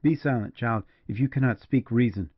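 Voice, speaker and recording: A man's voice: mid-range voice, normal speed, slightly rough, no echo, lightly acted. A man voicing an anxious young army lieutenant in a dull, dry recording. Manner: anxious, commanding.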